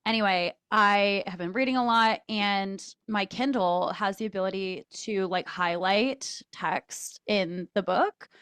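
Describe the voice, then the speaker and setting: Young woman, podcast co-host, middle pitch, dry close mic, chatty, filler-heavy, playful. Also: fairly even intonation, a little slow, few pauses, a bit bright, clean tone, dry recording. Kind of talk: casual chat.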